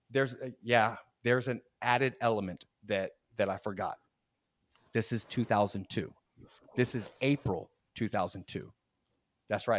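Animated man telling a story. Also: lowish voice, no echo. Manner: animated, acts out quotes, laughs mid-story, frequent restarts. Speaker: podcast host. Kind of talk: casual storytelling.

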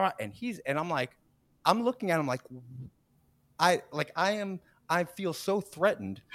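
A podcast host in his forties tells a story in an easy, chatty way, slipping into the voices of the people he quotes and breaking into laughter. His voice sits at an ordinary middle pitch. The sound is dry and close, with no room around it. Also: no room sound. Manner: animated, acts out quotes, laughs mid-story, frequent restarts. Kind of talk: casual storytelling.

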